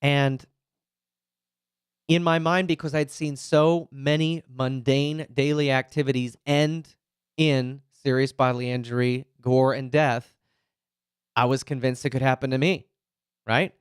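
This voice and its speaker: A man's voice: mid-range voice, fairly even intonation, a little slow, long pauses, smooth, no room sound, studio quality. A man in his forties, a retired police officer, speaking candidly to an audience about his anxiety, often checking in with "right?" and "you know". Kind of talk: personal talk to an audience.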